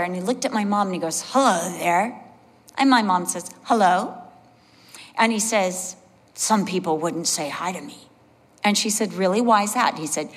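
A woman pastor preaching a sermon, telling animated personal stories and acting out the voices of the people in them. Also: medium pitch. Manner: animated storyteller, acts out voices, laughs along. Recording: long hall reverb.

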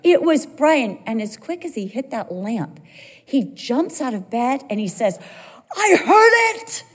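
A woman preaching in a big hall with a long echo trailing after her words. Her voice sits fairly high, and she tells her stories in a lively, animated way. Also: a little slow. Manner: animated, laughing storyteller. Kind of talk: sermon with personal storytelling.

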